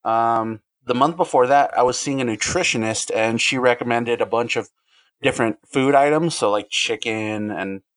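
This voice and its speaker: A man's voice: medium pitch, a bit bright, no echo. A man speaking as a podcast guest, candid and earnest, often restarting his sentences. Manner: earnest, halting, with frequent restarts. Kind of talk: candid interview talk.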